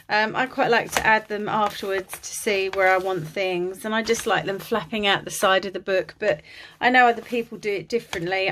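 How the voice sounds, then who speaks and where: A woman's voice: mid-range voice, fairly bright tone, a little hiss or hum. A woman vlogging about her crafts, chatty and apologetic with many ums, tired and a bit out of breath, filmed on a phone at home. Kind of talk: casual chat to camera. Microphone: phone on a holder.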